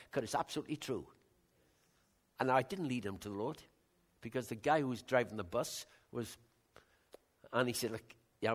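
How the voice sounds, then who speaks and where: An older man from West Wales with a West Welsh accent, a Christian minister telling rambling, animated stories of his week in a casual talk. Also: mid-range voice. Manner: rambling, animated storytelling with many restarts.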